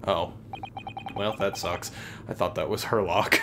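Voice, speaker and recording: Laid-back low-voiced let's-play guy. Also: fairly even intonation, a little slow, long pauses, background noise. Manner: laid-back, wry reactions. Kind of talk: casual gameplay commentary. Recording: game music behind.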